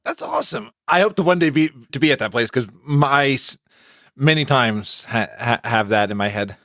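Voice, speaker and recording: A man's voice: mid-range voice, big pitch swings, moderate pace, a bit bright. A man hosting a podcast interview, often stammering and repeating his words. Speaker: podcast host.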